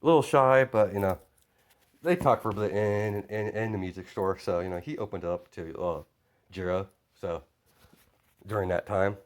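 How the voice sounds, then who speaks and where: A man's voice: on the low side, moderate pace. A man casually narrating a fan-made story, rambling with lots of fillers.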